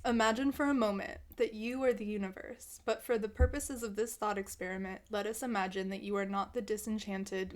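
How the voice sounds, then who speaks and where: A young woman chatting casually into a desk mic at home, rambling and self-deprecating with lots of fillers. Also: mid-range voice. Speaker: vlogger. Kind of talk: rambling casual vlog chat. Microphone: desk mic with headphones.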